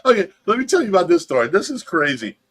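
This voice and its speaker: A man's voice: sits high, very animated, fast talker. A middle-aged man hosting a livestream, telling stories in a casual chat and laughing through them. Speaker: livestream host.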